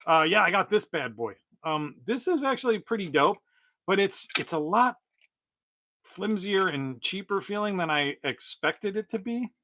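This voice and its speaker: Bright-voiced man in his forties, rambling. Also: high voice, animated, normal speed, slight background noise. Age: 40s. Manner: rambling, chuckling, many fillers. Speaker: toy collector streamer. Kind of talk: casual livestream chat.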